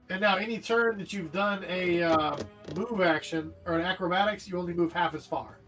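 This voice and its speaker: A high-voiced man running a tabletop game, narrating the action in an animated, jokey way. Faint music plays behind him. He describes each moment vividly. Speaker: game master. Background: faint background music.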